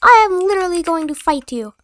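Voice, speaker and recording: A woman's voice: extremely high pitch, lively intonation, fast, a bit bright, dry recording, pitched above the performer's own voice. A woman voicing a bratty, whiny little boy who keeps picking a fight. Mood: challenging. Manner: whiny, challenging.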